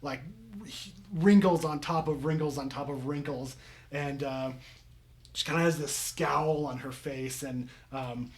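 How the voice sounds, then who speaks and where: A young man running a tabletop game, his voice sitting a little high for a man. He describes scenes in loose, rambling sentences, full of ums and likes and restarts. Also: steady tone, unhurried. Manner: rambling, many fillers. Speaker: game master.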